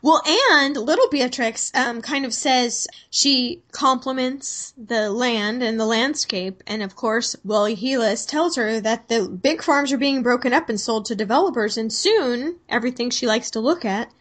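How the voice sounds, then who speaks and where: Podcast co-host, woman, wry casual recapper with a slightly high voice who acts out lines. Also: unhurried, few pauses, fairly bright tone. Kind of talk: casual movie recap chat.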